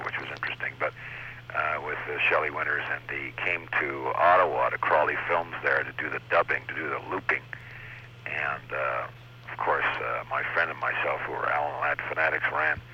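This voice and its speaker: On a lo-fi radio recording, a Canadian impressionist guest swaps stories about his early years, chatty and laughing, slipping into voices as he goes. His voice is extremely low and husky, fairly even in intonation and a little fast.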